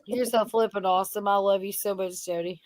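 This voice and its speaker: A woman with a Tennessee accent hosting a casual co-stream, playful and quick to laugh. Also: medium pitch, fairly even intonation, darkish tone, no echo. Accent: Southern US, Tennessee. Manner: playful, laughing, affectionate teasing. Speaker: livestream host.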